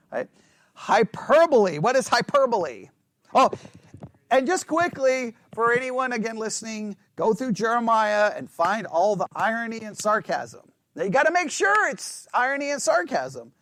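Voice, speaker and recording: A man's voice: high voice, dry recording. A man teaching a Bible study class in a casual, conversational way, often checking in with his listeners and joking with dry self-mocking sarcasm. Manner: animated, checks in constantly with "right?".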